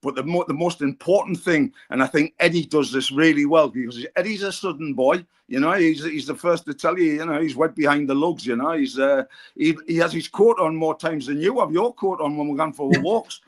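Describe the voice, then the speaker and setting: A man's voice: a little high, a little fast. Rambling Geordie man telling stories. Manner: rambling anecdotal storyteller, frequent fillers and restarts. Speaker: pundit on a football fan podcast. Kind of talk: casual chat.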